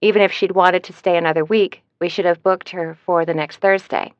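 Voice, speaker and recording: A woman's voice: on the low side, fairly even intonation, brisk, no echo, natural voice. A woman voicing a cheerful, talkative female travel agent in an audiobook, in a dry, slightly dull recording. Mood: chirpy.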